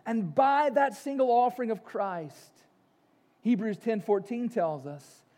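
A male pastor preaching a sermon, telling a story and moving between loud, emphatic passages and soft, slow ones. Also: very high-pitched.

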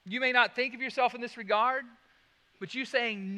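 A man preaching a sermon, swinging from loud emphasis to hushed, slow lines and repeating key phrases. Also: very high voice, long reverb tail. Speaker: pastor.

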